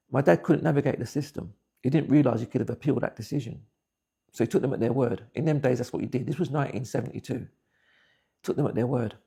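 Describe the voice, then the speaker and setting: A man's voice: mid-range voice, creaky, darkish tone, slightly rough. A man, giving blunt, plain-spoken personal testimony. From England. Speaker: interviewee.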